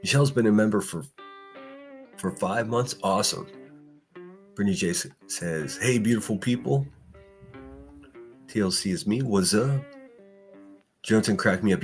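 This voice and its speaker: A man hosting a casual morning livestream, ranting bluntly with lots of swearing, breaking into laughs and reading chat. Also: lowish voice. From Pittsburgh area. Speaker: livestream host.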